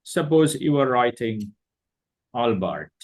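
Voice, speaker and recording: A man with a Bangladeshi accent lecturing a class as a teacher, deliberate and repeating his points. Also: mid-range voice, lively intonation, low-quality recording.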